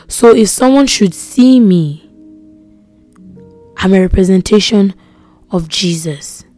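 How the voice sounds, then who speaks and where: A woman's voice: medium pitch, dry recording. A young woman hosting a devotional podcast, talking earnestly and repeating phrases, sometimes dropping to a whisper for emphasis. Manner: earnest, repetitive, drops to soft whispers for emphasis. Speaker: podcast host.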